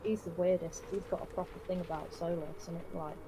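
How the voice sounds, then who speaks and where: A woman, telling a rambling, deadpan comic story on a live game stream, full of fillers. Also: on the low side, fast, low-quality recording.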